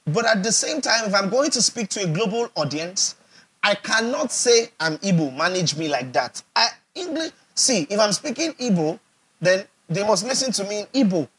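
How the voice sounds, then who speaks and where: A Nigerian man preaches in a high, husky voice. He hammers points home by repeating phrases and keeps asking his listeners whether they follow him. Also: very animated, normal speed, fairly bright tone. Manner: emphatic, repeats phrases for effect, asks the audience questions. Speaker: pastor. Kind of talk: sermon.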